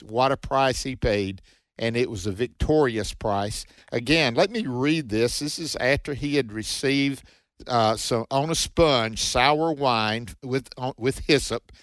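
A man's voice: mid-range voice, fairly bright tone, dry recording. A man co-hosting a Bible teaching radio show, reading scripture aloud and commenting in an earnest, preacherly way.

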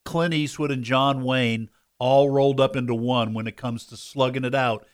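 A man's voice: medium pitch, fairly even intonation, moderate pace, clear, resonant tone. A man co-hosting a political talk radio show, giving emphatic opinions and stumbling over his words as he starts.

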